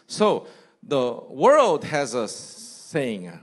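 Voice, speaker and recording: A man's voice: a little high, slow pace. Guy preaching in church, voice swings up and down a lot, acts out little bits of what people say. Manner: animated preaching, mimics people in quoted asides. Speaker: pastor. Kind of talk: sermon. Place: church sanctuary.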